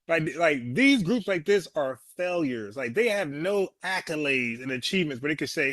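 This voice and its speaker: Dude w aave trashing a protest clip, kinda high voice, dead dry sound. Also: male voice, expressive, moderate pace, few pauses, a bit bright, no room sound. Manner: blunt, scornful, laughs often. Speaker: commentator reacting to a protest video. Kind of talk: casual mocking commentary.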